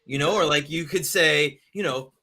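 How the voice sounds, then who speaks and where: A man co-hosting a podcast in casual chat, animated, with lots of fillers and laughter. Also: a little high, moderate pace. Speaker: podcast co-host.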